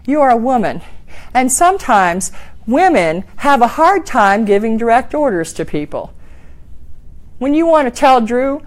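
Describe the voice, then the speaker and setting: Animated middle-aged woman speaking coach. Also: high voice, normal speed. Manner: animated, acts out voices for examples. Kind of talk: workshop talk. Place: classroom.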